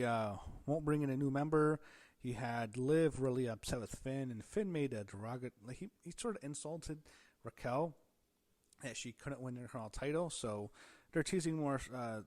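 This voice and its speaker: A man talking through a wrestling episode in a loose, offhand way, pausing on fillers and restarting his sentences. His voice sits at an average pitch for a man. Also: darkish tone. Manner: rambling, thinks aloud with fillers and restarts. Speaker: wrestling show reviewer. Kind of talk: casual recap commentary.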